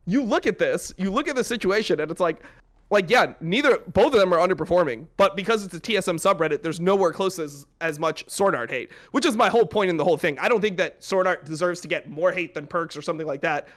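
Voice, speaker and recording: A young man with a fairly high voice hosts a casual podcast. He talks in blunt, profane, exasperated rants. His delivery is loose and conversational. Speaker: podcast host.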